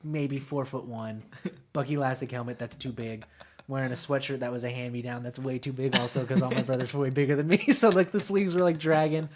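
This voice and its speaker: A man's voice: mid-range voice, steady tone, fairly quick, darkish tone. A young man in his twenties from Northern California, a podcast host rambling through childhood stories with lots of fillers, laughter and swearing. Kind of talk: casual storytelling chat.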